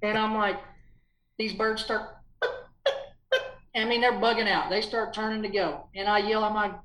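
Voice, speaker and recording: A man telling stories as a podcast guest in a lively, chatty way, acting out quotes with a raised voice. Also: sits high, moderate pace, reverberant, rough recording. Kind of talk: casual storytelling.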